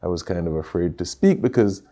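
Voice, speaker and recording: A middle-aged man with a Jamaican accent, telling stories in a relaxed interview with many fillers and restarts. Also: low voice, fairly quick. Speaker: interview guest, Caribbean store owner. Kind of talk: casual conversational interview.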